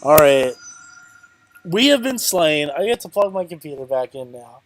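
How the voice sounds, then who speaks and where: A man's voice: fairly high pitch, big pitch swings, normal speed, a little hiss or hum. A man giving casual, rambling commentary on his card game, muttering to himself, counting aloud and mocking his own bad luck. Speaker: channel host playing a card game.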